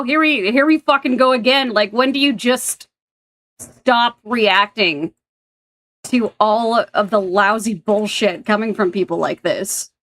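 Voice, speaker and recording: A woman's voice: medium pitch, fairly bright tone, no room sound. A woman streamer reacting to clips in casual commentary, blunt and rambling, swearing freely.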